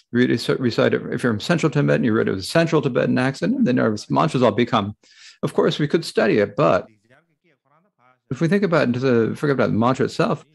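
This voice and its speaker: A man interpreting a Buddhist Dharma talk aloud, halting, with frequent restarts and fillers. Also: mid-range voice, vocal fry, slightly rough.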